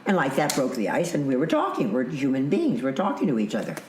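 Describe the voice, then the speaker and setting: Animated storyteller woman in her eighties. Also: very deep voice, fast, roomy sound, a little hiss or hum, rough recording. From Canada. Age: 80s. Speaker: interview guest, veteran actress. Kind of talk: telling a personal story in a casual interview.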